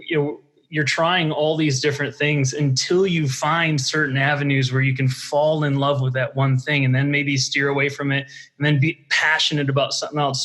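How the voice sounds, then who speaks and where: A man's voice: medium pitch, a bit bright. A man co-hosting a podcast, speaking to the guest in an admiring, conversational way. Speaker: podcast co-host. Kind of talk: casual interview chat.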